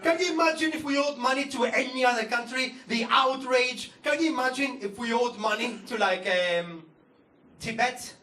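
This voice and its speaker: A young Greek-accented man doing stand-up, his voice pitched high for a man, heard in a roomy club from some distance off. He talks with sardonic, profane mock outrage. An audience hum sits behind him. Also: normal speed. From Greece. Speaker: stand-up comedian. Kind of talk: stand-up comedy set. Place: comedy club stage. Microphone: stage microphone. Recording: roomy club sound from the audience, with crowd laughter. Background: audience ambience and laughter.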